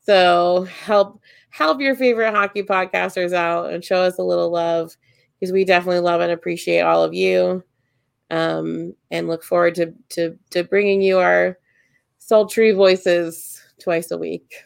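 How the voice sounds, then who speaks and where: A woman's voice: on the low side, fairly even intonation, unhurried, creaky, smooth, no echo, clean studio sound. A woman co-hosting a podcast, chatting casually with lots of fillers and restarts as she wraps up the episode. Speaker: podcast co-host.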